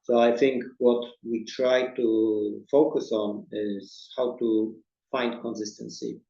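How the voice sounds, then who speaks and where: A man's voice: mid-range voice, level tone, slow, vocal fry, dark tone. A man answering audience questions in a webinar, thoughtful and restarting his words, recorded in a roomy space with dull sound. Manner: thoughtful, repeats words at starts. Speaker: presentation designer.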